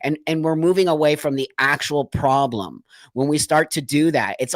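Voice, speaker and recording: A man's voice: on the high side, normal speed, no room sound. A man hosting a livestream, talking in an earnest, emotional monologue full of repeated rhetorical questions. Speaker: livestream host.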